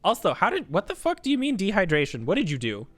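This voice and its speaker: A man's voice: high-pitched, huge pitch swings, fast, a bit bright. A man streamer telling a story in a casual, ranting way, swearing a lot.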